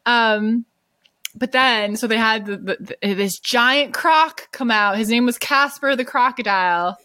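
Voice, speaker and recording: A woman's voice: on the high side, measured pace, pushed and bright, no echo, clean studio sound. A woman co-hosting a podcast, chatting casually in a gushing, rambling way full of fillers. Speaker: podcast co-host. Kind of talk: casual chat.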